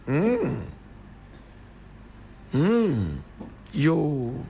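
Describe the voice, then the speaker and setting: A man's voice: high voice, big pitch swings, measured pace, creaky, fairly bright tone, slight background noise. A Ghanaian man with a Ghanaian English accent giving a fiery, preachy radio monologue and calling his listeners brother and sister. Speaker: radio show host.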